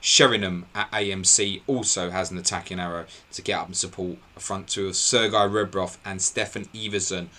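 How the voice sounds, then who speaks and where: A man hosting a live football podcast, briskly reeling off team line-ups and laughing at his own slips. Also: low voice, fairly even intonation, sharp tone. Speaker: podcast host.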